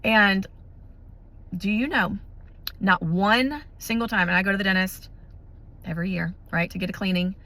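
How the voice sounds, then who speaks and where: A woman's voice: medium pitch, normal speed, long pauses. A woman, casually telling a personal faith story to her viewers, chatty and full of restarts. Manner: chatty, animated, many restarts and fillers. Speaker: vlogger sharing a testimony.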